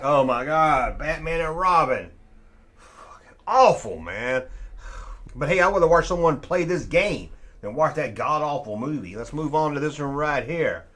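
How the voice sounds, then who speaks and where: A man's voice: a little high, expressive, moderate pace, fairly bright tone. A man with a somewhat raised voice that swings widely up and down as he talks. He grumbles and jokes sarcastically, swearing now and then in an offhand way. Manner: snarky, grumbling, swears casually. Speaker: host reviewing old toys. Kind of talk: casual sarcastic commentary.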